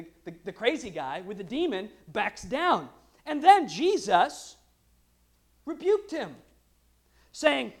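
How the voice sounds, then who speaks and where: A woman preaching a lively, conversational sermon, joking with the congregation between scripture readings. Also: fairly high pitch, takes it slowly, pauses often. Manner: lively and conversational, with humorous asides.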